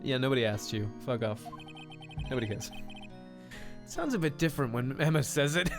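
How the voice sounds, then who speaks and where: Giggly, crude streamer with a lively voice. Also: mid-range voice, normal speed, music in the background. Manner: crude, giggly, self-mocking. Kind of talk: live gaming commentary.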